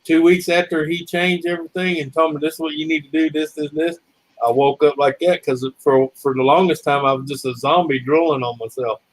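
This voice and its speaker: A man's voice: a little high, steady tone, brisk, dry recording, poor audio. A man hosting a casual chat, telling long rambling stories and swearing freely. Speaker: host.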